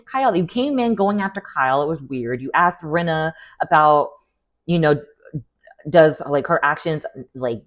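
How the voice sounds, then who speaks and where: A woman giving a casual, sassy recap of a reality show, blunt and opinionated, with fillers and laughter. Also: sits low.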